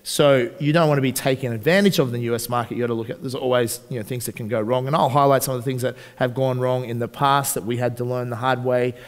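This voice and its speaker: An Australian man giving a live seminar, energetic and asking the audience questions. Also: mid-range voice, fast, few pauses, in a large hall. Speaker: seminar presenter. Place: large hall at a live seminar.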